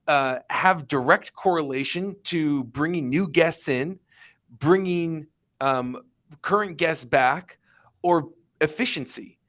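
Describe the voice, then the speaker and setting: A man with a slightly raised voice speaks on an industry panel. He is emphatic and pushes each point with lively comparisons. His tone stays conversational but insistent. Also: on the high side. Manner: emphatic, builds points with vivid analogies. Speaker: panelist, restaurant tech executive. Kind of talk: panel discussion.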